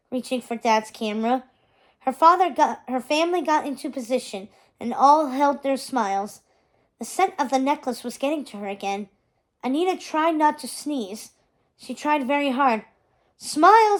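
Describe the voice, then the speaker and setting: A woman reading a chapter book aloud, with gentle, expressive narration. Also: sits high. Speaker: reader. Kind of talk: storybook read-aloud.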